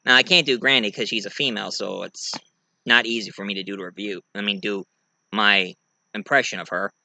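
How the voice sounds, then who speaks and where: A young man giving a rambling, excitable casual movie review. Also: fairly low pitch, a little fast, gravelly, dry recording.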